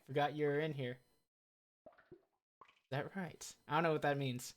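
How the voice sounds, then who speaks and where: A woman's voice: low-pitched, fairly even intonation, measured pace. A woman casually commenting as she plays a video game on a live stream, chatty and joking. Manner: chatty and joking, reacts with laughs and asides.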